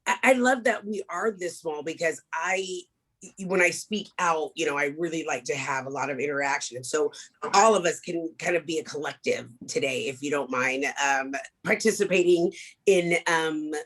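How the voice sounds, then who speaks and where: Low-voiced woman leading a workshop. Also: moderate pace. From Kansas. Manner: warm, animated, leads the group in affirmations. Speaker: motivational speaker. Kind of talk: interactive workshop talk.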